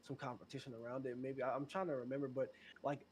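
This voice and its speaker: A man talking as a podcast guest in casual chat, animated and slangy, laughing often. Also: mid-range voice, fast talker, a little hiss or hum.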